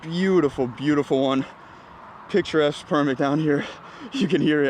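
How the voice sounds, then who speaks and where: An excited man hosts a fishing video from a bridge, his voice sitting a little high for a man. He talks in quick, breathless bursts full of exclamations. Loud outdoor noise from wind and water runs behind him.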